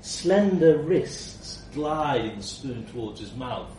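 A man narrating a first-person comic story with a wry, expressive, slightly profane delivery. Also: mid-range voice, slow pace, echoey room, distant mic, a little hiss or hum.

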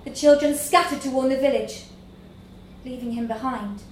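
A woman reading a literary story aloud in a slow, measured storytelling manner. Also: high voice, a little hiss or hum. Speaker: narrator. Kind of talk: scripted narration of a literary story. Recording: echoey room with faint ambience.

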